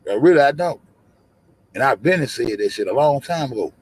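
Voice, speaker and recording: A man's voice: medium pitch, lively intonation, brisk, darkish tone, husky, no room sound. A man hosting a livestream, ranting profanely and confrontationally, repeating himself. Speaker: livestream host. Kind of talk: heated livestream rant.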